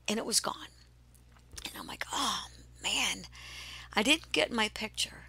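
A woman hosting a podcast, telling a personal spiritual story in a slow, hushed way that often drops to a breathy whisper. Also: mid-range voice, expressive, no room sound. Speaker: podcast host.

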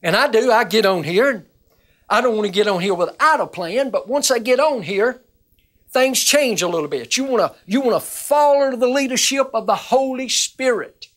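A woman minister teaching the Bible on a television broadcast, earnest and emphatic, repeating words as she gets excited. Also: a little high, normal speed.

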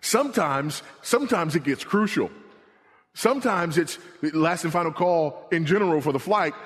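A middle-aged male pastor preaching a sermon, swinging between emphatic repeated warnings and hushed, low passages. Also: expressive, moderate pace. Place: church sanctuary. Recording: long reverb of a church hall.

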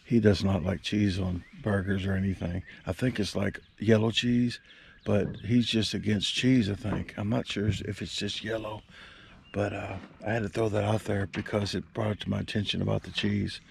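A man's voice: fairly low pitch, steady tone, moderate pace, creaky, a little hiss or hum. A man rambling and joking to his camera while fishing from a small boat on a lake. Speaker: vlogger. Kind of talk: casual fishing vlog chat. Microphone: action camera.

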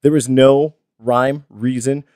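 A man's voice: medium pitch, steady tone, slow, warm tone, clear, resonant tone, no echo. Chill podcast host guy, medium voice, dry close sound. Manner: laid-back, swears casually. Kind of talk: casual podcast chat.

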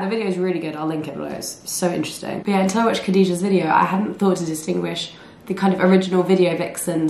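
A chatty woman in her twenties, a vlogger, rambles through a casual vlog chat and laughs often. Her voice is slightly hoarse, fairly low and a little mellow. The echoey room carries faint ambience and a little hiss or hum.

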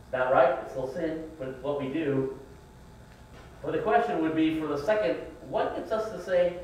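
A man's voice: a little high, moderate pace, darkish tone, slight background noise. A middle-aged man preaching a sermon, telling folksy family stories and acting out his children's whining. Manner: folksy storytelling, acts out his kids' whining voices. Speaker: pastor. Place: church sanctuary. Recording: echoey church room, mic at a distance.

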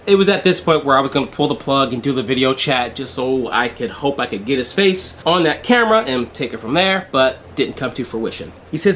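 A man's voice: medium pitch, moderate pace, a bit bright, slight background noise. A man recounting an online chat, reading both sides of the messages aloud and adding sarcastic, swearing asides. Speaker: online predator-catching vlogger.

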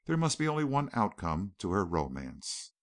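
Male audiobook narrator, lowish voice, very lively intonation, dry close recording. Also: normal speed, dry recording. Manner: dramatic, expressive novel reading. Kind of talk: scripted narration.

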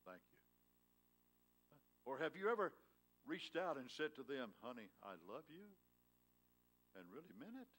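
A male pastor preaching a sermon in a church, swinging from loud, emphatic lines to hushed, tender ones and prodding his congregation with questions. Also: on the high side, sing-song, normal speed, pauses often. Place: church sanctuary.

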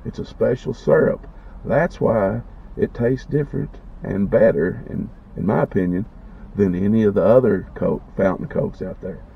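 A food vlogger eats on camera in a casual vlog, enjoying each bite and talking with his mouth full. He has a lowish voice with vocal fry and speaks at a normal speed, and the dull lo-fi recording picks up slight background noise.

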